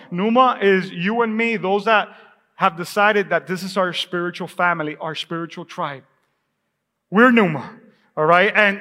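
A man preaching a sermon as the pastor, in a lively, conversational way, with asides and questions to his congregation. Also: high voice. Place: church sanctuary. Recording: echoey church hall.

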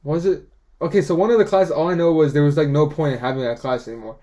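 A man's voice: fairly high pitch, fast talker. Young guy on a chill podcast, just hanging out and remembering school stuff, laughs a lot. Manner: relaxed, laughing, reminiscing. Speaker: podcast co-host. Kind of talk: casual chat.

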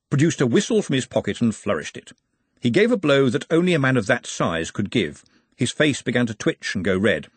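A man narrating a comic novel, his pitch swinging expressively as he reads. His voice is husky and grainy. It is recorded close and dry, with no room around it. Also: no room sound. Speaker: audiobook narrator. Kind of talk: scripted narration.

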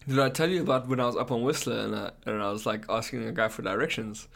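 A man from South Africa co-hosting a podcast, chatting excitedly, laughing often and swearing. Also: mid-range voice, fast talker, creaky. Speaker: podcast co-host. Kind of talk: casual chat.

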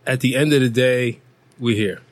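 A man's voice: mid-range voice, moderate pace, dry recording. A man co-hosting a podcast in casual chat, talkative and stumbling over his words. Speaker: podcast co-host.

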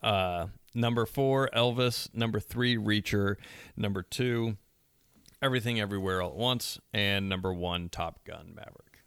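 A man co-hosts a podcast in laid-back, joking casual chat, often tripping over his words. His lowish voice moves at normal speed with a fairly bright, clean tone. The recording is dry with clean studio sound.

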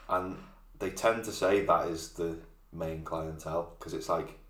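Deep-voiced man in laid-back banter. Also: fairly even intonation, a little slow, a bit bright. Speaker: podcast co-host. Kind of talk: casual banter. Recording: roomy echo.

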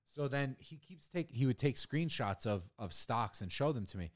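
Young man, podcast co-host, casual chat, rambling, many fillers, swearing, mid pitch. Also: animated, moderate pace.

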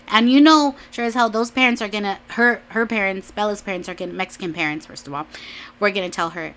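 Chatty young woman, bright rambling voice. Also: medium pitch, fairly quick, slight background noise. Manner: rambling, chatty, full of "like"s and restarts, laughs often. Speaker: vlogger. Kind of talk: casual chat.

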